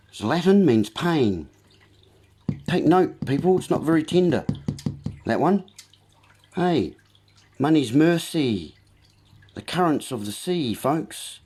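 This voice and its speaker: A man's voice: fairly high pitch, darkish tone, breathy edge. A man hosting a livestream, giving a rambling, preachy wordplay monologue with asides to his viewers. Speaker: livestream host.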